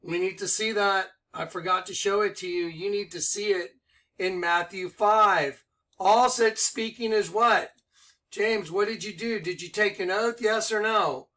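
Hyped up guy preaching, high bright voice, keeps asking yes or no. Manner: excited, rapid rhetorical questions. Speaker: online preacher. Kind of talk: excited preaching commentary.

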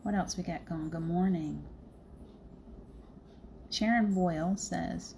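A middle-aged woman hosting a livestream tells a spiritual story in a chatty, casual way, laughing often. Her voice is low-ish, gravelly and dark, with a steady tone and moderate pace, frequent pauses and slight background noise.

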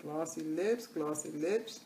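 A woman's voice: deep voice, slow, mellow, reverberant, a little hiss or hum. A woman chatting casually through a live makeup tutorial, repeating catchphrases in a sing-song way. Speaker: makeup vlogger.

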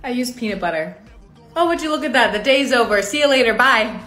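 A woman's voice: on the high side, lively intonation, brisk, sharp tone, faint music behind. A young woman acting out comedic POV skits with exaggerated, dramatic reactions. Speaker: skit creator.

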